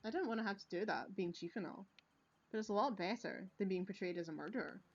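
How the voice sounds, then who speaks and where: A woman's voice: mid-range voice, fast talker, darkish tone, natural voice. A woman voicing a smug, menacing older male police chief who gloats and laughs heartily, read aloud from a video game. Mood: gloating. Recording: lo-fi recording.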